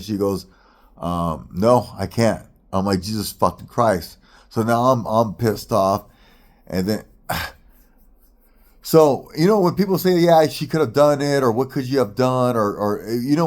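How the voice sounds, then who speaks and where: He's a middle-aged American man whose voice sits on the low side with a darkish color. As a vlogger, he delivers a long, frustrated storytelling rant that wanders, swears and repeatedly backtracks.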